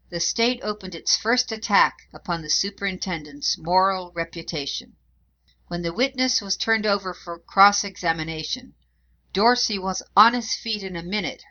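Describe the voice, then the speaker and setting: A woman narrating a historical account in a measured, even reading voice. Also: on the low side. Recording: dull lo-fi recording.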